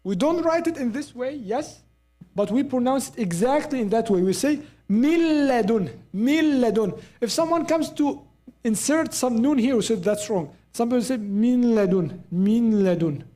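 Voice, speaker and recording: Tajweed teacher, mellow tone, repeats sounds slowly, keeps asking "right?". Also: high voice, expressive. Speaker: Quran recitation teacher. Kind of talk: live tajweed class.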